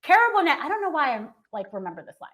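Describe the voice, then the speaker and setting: An American woman hosts a relaxed entertainment talk show and gushes about her favorites. Her voice sits high and swoops up and down with lots of life. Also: rapid-fire. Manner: enthusiastic, gushing. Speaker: host. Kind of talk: casual chat.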